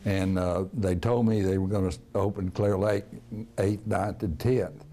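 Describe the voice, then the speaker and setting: An older man, a retired basketball coach reminiscing in a folksy, casual interview with many pauses and restarts. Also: deep voice, steady tone, warm tone, slight background noise. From Texas. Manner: folksy storyteller, frequent "uh" and restarts.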